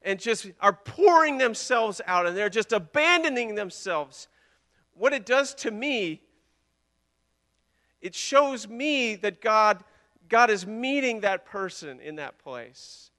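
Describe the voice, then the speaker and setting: A man preaching from the pulpit with a high, bright voice. He delivers the sermon with passion, repeating his words and moving from ringing declarations down to quiet, intimate lines. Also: lively intonation, slow. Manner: impassioned, repeating words, swinging between loud and hushed. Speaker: pastor.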